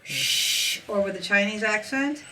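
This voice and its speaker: A woman's voice: medium pitch, normal speed, recorded from a distance, heavy background noise. A woman hosting a podcast, chatting casually with a guest and laughing easily. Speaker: podcast host. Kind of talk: casual interview chat.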